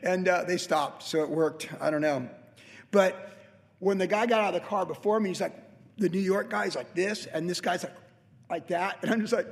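A man's voice: a little high, brisk, big-room sound. A man in his late fifties, a pastor telling a rambling, conversational story in a casual sermon, full of restarts and asides. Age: late 50s.

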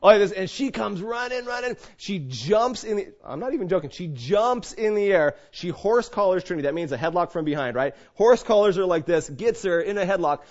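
A middle-aged man preaching a sermon as pastor, telling stories with animated swings between loud and hushed delivery. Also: high-pitched, fairly quick, hardly any pauses. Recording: dull lo-fi sound.

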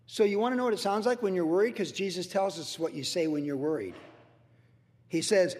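A man with a high-sitting voice and lively intonation speaks fairly quickly in a slightly mellow tone within a large hall. He's a pastor teaching a verse-by-verse sermon loosely and conversationally, repeating himself for emphasis and acting out worried voices.

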